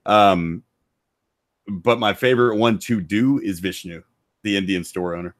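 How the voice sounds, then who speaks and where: A hoarse man, a voice actor, talking crudely and jokingly as a podcast guest. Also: lowish voice, unhurried, dry recording, clean studio sound. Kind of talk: casual podcast chat.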